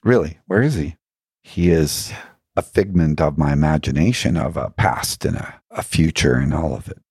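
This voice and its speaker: A man's voice: a bass voice, normal speed, darkish tone, breathy edge, dry recording, clean studio sound. A man telling reflective spiritual stories as an interview guest, earnest and musing, often putting questions to himself.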